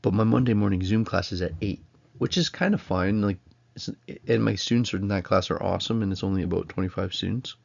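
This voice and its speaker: A man's voice: sits low, brisk, gravelly, a little mellow, highs cut off. A man, giving a casual recorded college lecture at home in a rambling, self-interrupting way. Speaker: college instructor.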